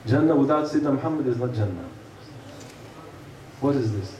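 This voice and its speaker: A man's voice: medium pitch, animated, fairly quick, a little mellow, highs cut off. A man giving an earnest sermon, asking rhetorical questions and telling stories to a congregation. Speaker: preacher. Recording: echoey room, mic far off, faint hum.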